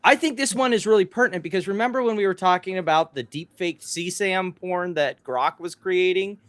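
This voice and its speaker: A man's voice: high voice, a little fast, fairly bright tone, no room sound. A man co-hosting a casual commentary show, sarcastic and exasperated, on a close mic. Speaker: co-host.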